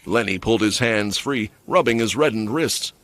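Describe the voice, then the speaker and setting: A man's voice: on the low side, normal speed, a bit bright. A man giving scripted story narration for a fantasy comic recap.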